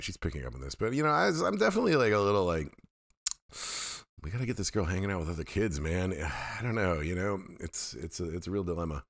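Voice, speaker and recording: A middle-aged man hosting his own podcast, talking candidly and at length in a loose, rambling way. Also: deep voice. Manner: rambling, candid, self-deprecating. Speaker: podcast host. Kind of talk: casual solo monologue.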